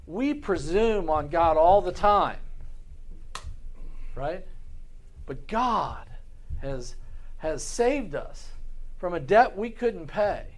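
Speaking a little high, a man who is a pastor leads a Sunday school class with earnest conviction, repeating words often and asking the class rhetorical questions.

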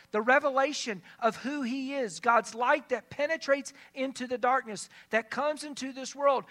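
A pastor preaching a sermon in a conversational way, asking the listeners questions and retelling scripture as lively dialogue. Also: sits high. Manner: conversational, asks the congregation questions.

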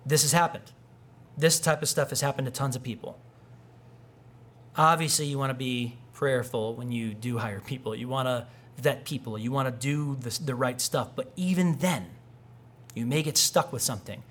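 Speaking at a medium pitch and a slightly fast pace, this pastor preaches in a chatty, lively way. His sermon is built on personal anecdotes, and he performs the voices of anyone he quotes.

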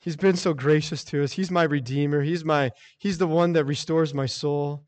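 A man's voice: a little high, fairly even intonation, moderate pace. A man preaching a sermon as pastor, earnest and repetitive, often restarting his phrases.

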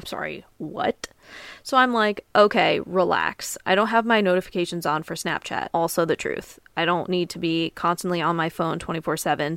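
Young woman podcast host, lowish voice, blunt and profane, dry close mic. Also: smooth, no echo. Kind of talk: casual storytelling monologue.

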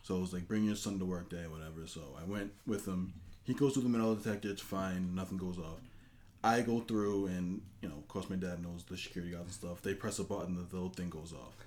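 A man's voice: low-pitched, quick pace, darkish tone, slight background noise. A young man telling a long story in casual chat, acting out the quotes with a rising voice. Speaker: podcast co-host.

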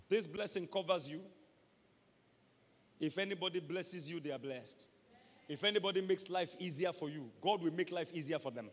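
A man with a Nigerian accent preaching a sermon, acting out scenes and breaking into loud shouts. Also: fairly high pitch. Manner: dramatic, acts out scenes, switches to loud shouts. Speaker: pastor. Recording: echoey hall with long reverb.

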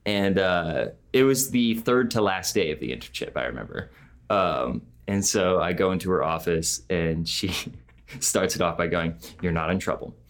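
A man's voice: low voice, animated, normal speed. A young man, a podcast guest, telling a casual story with lots of "uh" and "like" and frequent laughter. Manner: rambling, laughs often, many fillers like "uh" and "like".

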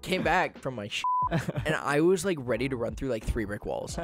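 A man's voice: mid-range voice, expressive, normal speed, vocal fry, soft background music. A young man co-hosting a casual podcast, giving goofy hypothetical setups with crude humor. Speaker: podcast co-host.

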